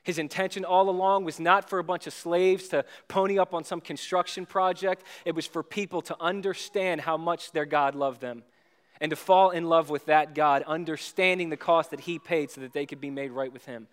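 A man's voice: fairly high pitch, steady tone, normal speed, smooth. A young adult male pastor preaching a sermon, telling a personal story with self-deprecating humor. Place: church.

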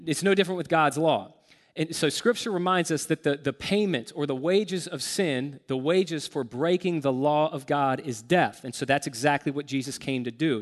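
Male pastor preaching, earnest and emphatic, slightly high voice, long hall reverb. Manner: earnest, emphatic, slows down to stress key words. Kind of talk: sermon.

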